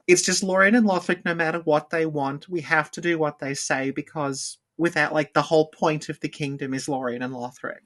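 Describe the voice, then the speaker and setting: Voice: mid-range voice, fairly even intonation, a little fast, few pauses, fairly bright tone. A podcast co-host talking through game lore in a casual, rambling way, full of "like" fillers. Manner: rambling, heavy use of "like" fillers.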